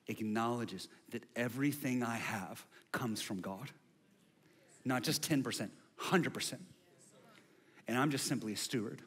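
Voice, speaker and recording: A man preaching a sermon as pastor, building to loud, repetitive refrains. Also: mid-range voice, a little slow, long pauses, breathy edge, long reverb tail.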